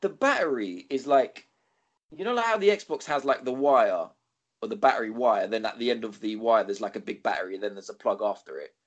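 A man, co-hosting a podcast, telling a rambling, sweary story with animated quoting. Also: fairly low pitch, brisk, dull audio. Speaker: podcast co-host. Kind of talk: casual storytelling chat.

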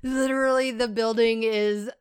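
A woman's voice: on the high side, fairly even intonation, clear, resonant tone, no echo, studio quality. A woman co-hosting a podcast in casual chat, laughing often and drawing her words out. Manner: giggly, drawn-out delivery. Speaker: podcast co-host.

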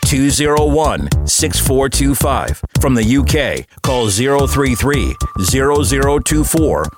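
A man reading scripted station announcements in a smooth announcer manner. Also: medium pitch, very animated, unhurried. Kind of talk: scripted promo read. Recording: station promo over music.

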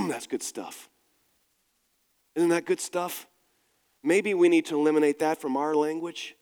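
A man's voice: on the high side, a little slow, darkish tone, clean tone, big-room sound. A male pastor preaching a sermon in a conversational, self-deprecating storytelling manner. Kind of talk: sermon with personal anecdote.

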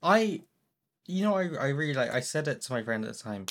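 A woman's voice: rumbling low, sing-song, brisk. A woman co-hosting a podcast in casual chat, rambling and self-mocking, prone to going off on tangents. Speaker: podcast co-host.

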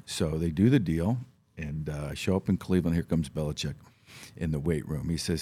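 A deep, husky man in his 50s from Ohio, USA, a former football player, is a studio guest at a radio studio, telling stories on a casual talk show. He talks at normal speed, animated, acting out the voices he quotes.

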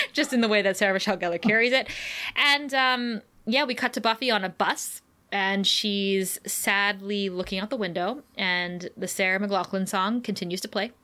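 A woman co-hosting a podcast, recapping a TV episode in casual chat, animated and laughing often as she acts out the characters' lines. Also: mid-range voice. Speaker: podcast co-host.

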